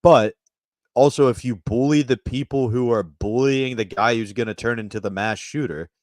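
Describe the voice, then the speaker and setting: A man's voice: medium pitch, normal speed, a little mellow, no echo, studio quality. A man co-hosting a casual comedy show, trading crude jokes and banter. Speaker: podcast co-host.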